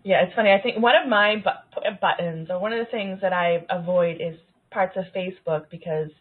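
A woman hosting a podcast, asking calm questions and giving brief replies. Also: on the low side, normal speed, breathy edge. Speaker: podcast host. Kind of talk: podcast interview. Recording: tinny phone line.

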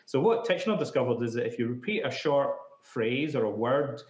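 In an echoey room, a man interviewed as a psychotherapist explains things casually and conversationally, leaning on "like" as filler. His voice sits in the middle range, brisk and sing-song.

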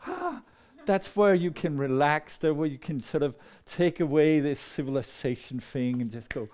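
Man, storyteller, mellow voice, slightly high, rambling, casual talk. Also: normal speed. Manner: rambling, lively, laughs often. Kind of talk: casual talk to a live audience.

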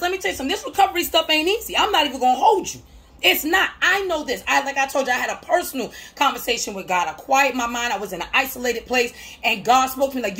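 High-voiced woman with gravel in her tone; motivational vlogger on recovery, preacher cadence, repeats lines, bursts of laughing shouts. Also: lively intonation, fast. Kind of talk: motivational talk to camera.

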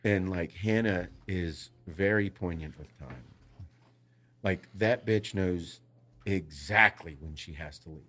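A lower-pitched man co-hosts a podcast and tells family stories in a loose, conversational way. His delivery is animated and laced with profanity. He speaks into a podcast microphone. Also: takes it slowly. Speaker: podcast co-host. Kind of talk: casual chat.

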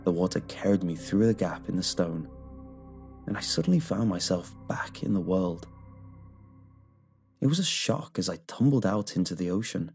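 A man reading a horror story aloud in a measured, scripted narration. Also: low-pitched, expressive, breathy edge. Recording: soft music underneath.

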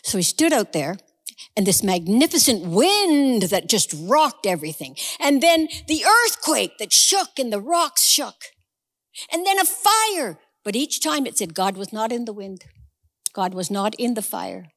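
A woman's voice: a little high, very animated, measured pace, a bit bright, in a large hall. A woman preaching a sermon, telling a story conversationally with humorous asides.

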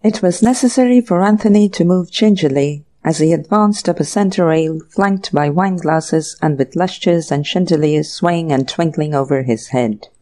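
Mellow, measured audiobook narrator. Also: mid-range voice. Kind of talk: scripted narration.

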